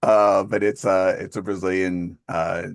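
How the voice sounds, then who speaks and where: A man's voice: low-pitched, flat delivery, measured pace, dry recording, studio quality. A man in his fifties hosting a group call, chatting casually in a rambling way and laughing often. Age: 50s. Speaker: host of an accountability call.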